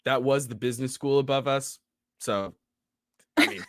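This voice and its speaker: A man's voice: mid-range voice, normal speed, fairly bright tone, no room sound, studio quality. A man playing a superhero in a tabletop game, joking and laughing often, filling sentences with "like". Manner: jokey, laughs often, lots of "like". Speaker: player. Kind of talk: casual tabletop role-play.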